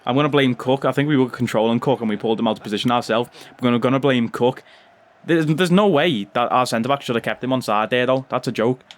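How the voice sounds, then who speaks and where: A man giving chatty gameplay commentary as a gaming YouTuber, bursting into loud cheers on goals. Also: mid-range voice, quick pace.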